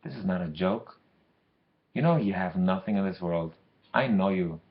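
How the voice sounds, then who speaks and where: A man's voice: deep voice, expressive, normal speed, muffled recording. A man voicing the tavern keeper's furious wife, scolding her husband in a told story.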